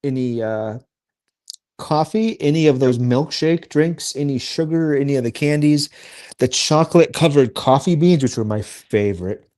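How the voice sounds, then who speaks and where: A man's voice: medium pitch, moderate pace, a little mellow. A man chatting casually as a podcast guest, laid-back, recalling army training and laughing often. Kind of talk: casual chat.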